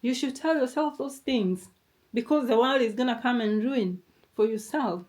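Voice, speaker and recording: A woman's voice: on the high side, normal speed, darkish tone. A young adult woman with a non-native English accent giving a motivational talk to camera. She talks emphatically and repeats herself, now and then calling the listener darling. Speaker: motivational vlogger.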